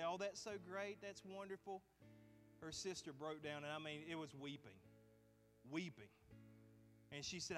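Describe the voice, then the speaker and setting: Male pastor, earnest storyteller, higher bright voice, soft guitar underneath. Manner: earnest, conversational, retells dialogue. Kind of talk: sermon storytelling. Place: church sanctuary.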